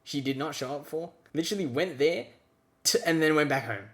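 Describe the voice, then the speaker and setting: A man's voice: on the high side, a little fast, fairly bright tone. A young man telling a story from his student days in a casual rant, exasperated and sarcastic. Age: young adult. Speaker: vlogger.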